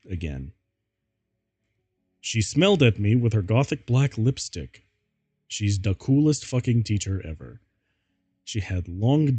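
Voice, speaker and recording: A man's voice: fairly low pitch, dark tone, dry recording. A man streaming as he reads fan fiction aloud, giggling and breaking up with laughter. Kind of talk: casual comedic reading.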